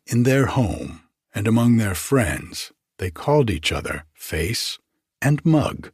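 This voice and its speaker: A man narrating a literary story in a measured, expressive storytelling manner. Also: fairly low pitch, breathy edge, dry recording, studio quality. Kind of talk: scripted narration.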